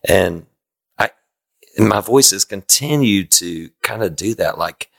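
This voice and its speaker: A man in his fifties with a bright, forceful tone that sits a little low. He tells long, rambling stories with quick asides, chatting casually as a podcast guest. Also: lively intonation, vocal fry. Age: 50s. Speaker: podcast guest, worship singer. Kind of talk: casual conversation.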